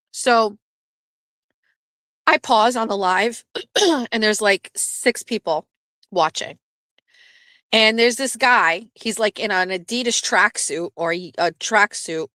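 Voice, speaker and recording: Bright, animated woman telling stories. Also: medium pitch, no room sound, studio quality. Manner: animated, swearing, acts out quoted voices. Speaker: host. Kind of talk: casual live-stream storytelling.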